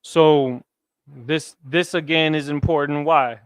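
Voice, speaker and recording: A man's voice: a little high, fairly even intonation, slow pace, clear, resonant tone, dry recording, clean studio sound. Man teaching a casual language class. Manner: casual, conversational, asks the class questions. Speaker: Hebrew teacher. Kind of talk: classroom lesson.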